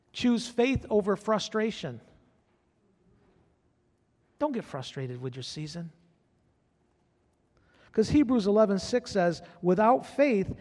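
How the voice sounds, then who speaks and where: A male pastor with a high-pitched, slightly mellow voice, a little above the usual male range, preaches a sermon with fervor. He drives his points home by repeating phrases and calling out to the congregation, while a long church-hall reverb trails each phrase.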